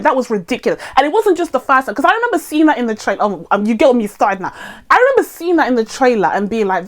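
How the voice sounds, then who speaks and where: Sarcastic, animated woman reviewer. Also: high-pitched, fast talker. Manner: animated, sarcastic, laughs often. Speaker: movie reviewer. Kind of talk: casual review rant to camera.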